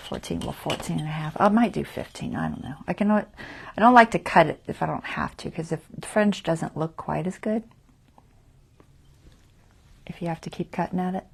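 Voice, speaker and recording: Woman, lowish voice, gravelly fry, chatty craft tutorial host, muttering asides to herself. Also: a little mellow. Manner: chatty, thinks aloud, self-deprecating; mutters half-whispered asides while working. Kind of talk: casual livestream craft tutorial.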